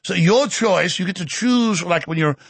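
Gravelly, husky man ranting as host. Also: high voice, no echo. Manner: fast, heated, mocking rant. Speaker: talk show host. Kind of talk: combative political monologue.

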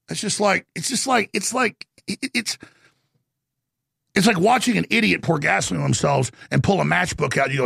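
A middle-aged male radio host in an angry rant, his voice rough and gravelly and pitched high. The pitch swings widely as he works himself up and breaks into shouts. The studio sound is dry and close. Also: sing-song, a little fast, no echo. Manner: ranting, agitated, shouting bursts. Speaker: radio talk show host. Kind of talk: heated political monologue.

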